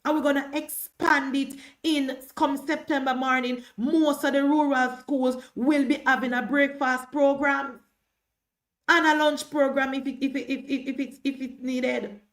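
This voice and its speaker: On a live stream, a Jamaican woman with a high, fairly bright voice offers political commentary. She's emphatic and combative, hammering her points through repetition, yet her tone stays level and her pace unhurried.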